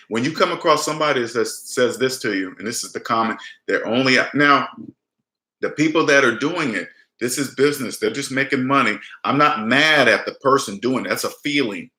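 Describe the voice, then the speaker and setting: A man's voice: mid-range voice, pushed and bright, roomy sound. A man giving casual, emphatic advice on money and mortgages, repeating points and coaching the listener directly. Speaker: personal finance vlogger.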